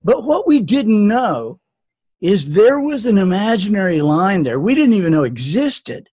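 Casting: older male author, husky, unhurried storyteller in an interview. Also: sits high, very animated, a little mellow. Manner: earnest, reflective storyteller. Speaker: author and speaker.

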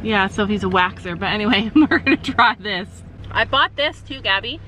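A woman's voice: mid-range voice, moderate pace, bright, forceful tone, a little hiss or hum, low-quality recording. A woman chatting upbeat to camera in a casual vlog while walking outdoors on a farm, laughing often. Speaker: vlogger, mother. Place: outdoors on a farm, walking through woods and fields.

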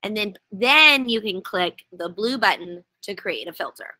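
A woman's voice: mid-range voice, expressive, unhurried, pushed and bright, no echo, low-quality recording. A woman running a casual webinar, explaining step by step in a chatty, wry way while sitting outdoors.

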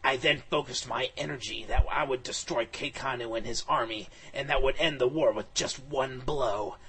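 A man reads an over-the-top adventure story in a flat, matter-of-fact tone. His voice is very husky with a bright, edgy tone. He keeps an even pace. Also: mid-range voice, normal speed, rough recording. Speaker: comedic reader. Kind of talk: deadpan reading of fan fiction.

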